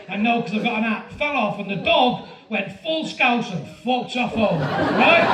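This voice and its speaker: Stand-up comic, man, 50s, very high voice, animated shouting, roomy live room. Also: very noisy. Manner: animated storytelling, loud shouting bursts. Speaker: stand-up comedian. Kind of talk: stand-up comedy set. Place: comedy venue with live audience. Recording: roomy live-venue sound from a distance with crowd. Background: audience laughter.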